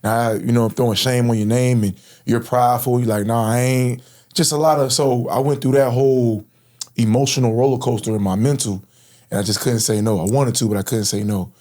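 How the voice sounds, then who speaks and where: A man's voice: medium pitch, steady tone, fairly quick, darkish tone. Slangy man telling his life story. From Florida. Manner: casual, slangy, earnest, frequent "bro". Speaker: guest. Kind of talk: personal storytelling in interview.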